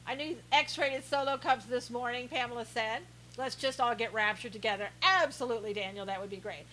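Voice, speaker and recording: Sarcastic, teasing woman with a bright high voice. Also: a little fast, a little hiss or hum, poor audio. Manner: teasing, sarcastic, laughing often. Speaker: live stream host. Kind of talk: sarcastic live-stream chat, reading viewer comments.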